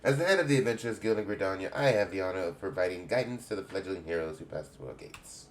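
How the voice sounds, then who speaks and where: Reading game dialogue aloud, a man with a low, animated voice speaks fast as a stately, motherly woman who leads an adventurers' guild. He puts on an English accent and uses grand, old-fashioned phrasing, with a little hiss or hum on the recording.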